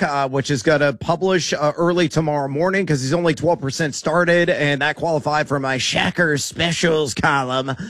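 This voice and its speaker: A man breaking down fantasy football picks on the radio, sure of himself and cracking jokes. His voice sits a little high, and the sound is close and dry. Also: fairly bright tone, no room sound. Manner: confident, wisecracking. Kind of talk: sports radio analysis.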